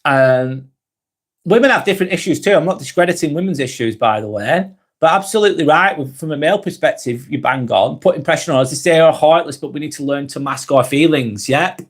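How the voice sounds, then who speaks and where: A man hosting a live vlog, thinking out loud in casual chat and swearing freely as he restarts his sentences. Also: on the high side, lively intonation, fairly quick. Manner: earnest, swears freely, many restarts and trailing phrases. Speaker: live vlog host reading chat comments.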